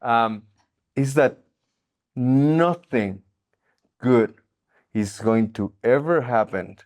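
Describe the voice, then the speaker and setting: A man co-hosting a casual podcast, laid-back and halting, with lots of fillers. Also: mid-range voice, darkish tone. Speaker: podcast co-host. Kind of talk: casual chat.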